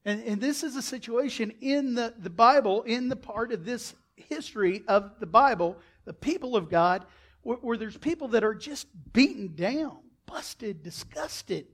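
Animated male preacher. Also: very high voice, moderate pace. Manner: animated preaching, loud bursts and acted-out quotes. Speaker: pastor. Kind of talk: sermon.

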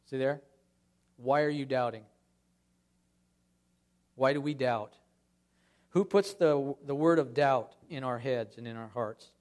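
A man giving a conversational sermon in a church as a guest speaker, acting out scripture scenes with lively emphasis. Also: medium pitch, takes it slowly, pauses often.

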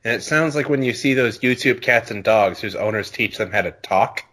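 A man's voice: lowish voice, normal speed, a bit bright. A man on a podcast reading a horror story aloud, swearing and slipping in and out of a put-on accent. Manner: profane, trying out a reading accent. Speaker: podcast co-host.

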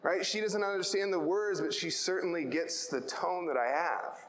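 A man preaching in a relaxed, conversational way who keeps checking in with "right?" and tells family stories. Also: high voice, moderate pace. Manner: checks in with "right?" after nearly every point. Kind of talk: conversational Bible teaching. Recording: echoey hall with long reverb, faint hiss.

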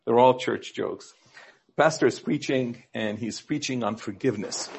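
A man preaching a sermon, telling jokes in a storytelling way and acting out the quoted characters with rises in pitch. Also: normal speed, vocal fry, darkish tone, a little hiss or hum. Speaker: pastor.

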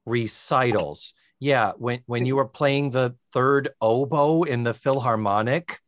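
A man co-hosting a podcast, recapping a TV episode in casual chat with a wry, sarcastic, animated manner. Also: mid-range voice, unhurried, no room sound, clean studio sound. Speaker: podcast co-host.

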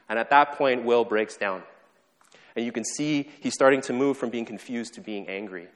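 A man preaching a sermon, telling a story earnestly and falling to a soft hush when he quotes the characters. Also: medium pitch, a little fast. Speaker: pastor. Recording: long hall reverb.

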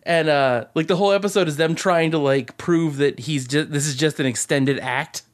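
A man's voice: a little high, moderate pace. A man co-hosting a podcast, telling rambling stories in casual chat with lots of swearing and laughter. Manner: rambling, profane, laughing storyteller. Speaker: podcast co-host.

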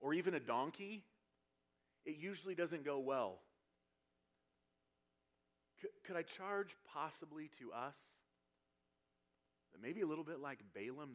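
A man preaching a sermon, explaining scripture verse by verse and building to emphatic passages. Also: medium pitch. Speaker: pastor.

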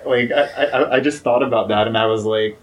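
A man's voice: medium pitch, steady tone, a little fast, low-quality recording. Hesitant young man telling a story. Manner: hesitant, many fillers and restarts. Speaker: guest. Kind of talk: casual podcast chat.

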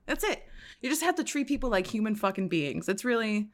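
Fast-talking chatty woman podcast host. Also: medium pitch. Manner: chatty, animated storyteller, many "like" fillers. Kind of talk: casual chat.

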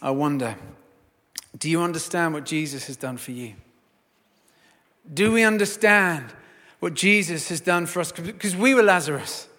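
A man preaching a sermon and telling a story, swinging from hushed to loud. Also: high-pitched, in a large hall.

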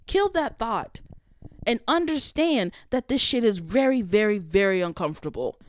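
A woman's voice: medium pitch, no echo, studio quality. A woman hosting her own podcast, talking freestyle in a blunt, heated, profane monologue. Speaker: podcast host.

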